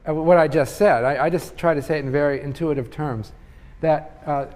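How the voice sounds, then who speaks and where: A man's voice: on the high side, fairly even intonation, normal speed, darkish tone. An older man giving a university lecture in a conversational way, thinking aloud with frequent fillers and restarts. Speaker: economics professor. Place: large lecture hall. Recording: lecture hall with long reverb.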